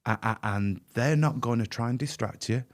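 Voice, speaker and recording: A man's voice: medium pitch, moderate pace. A man speaking as a podcast guest, earnest and emphatic, often repeating words as he goes. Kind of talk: candid podcast conversation.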